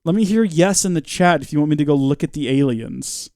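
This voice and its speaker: A chatty man streaming a game live, joking along and reading out viewer comments. His voice sits slightly high and is recorded dry and close. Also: expressive, a little fast, darkish tone, no echo.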